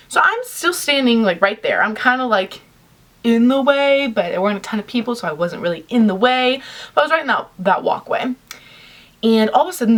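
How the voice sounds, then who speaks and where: A young woman telling a story to camera in a chatty, animated way, full of "like" fillers. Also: on the high side. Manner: chatty, animated, heavy use of "like". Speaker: vlogger.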